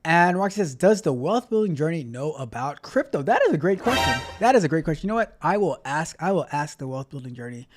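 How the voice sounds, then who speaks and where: A man's voice: fairly high pitch, sing-song, brisk, few pauses, over music. Chatty male livestream host. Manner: chatty, repeats himself, reads chat aloud. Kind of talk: casual live-stream chat.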